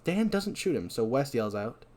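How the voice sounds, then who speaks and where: A male podcast host narrates a movie recap with lively, animated delivery. He throws in self-deprecating asides as he goes. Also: mid-range voice, moderate pace.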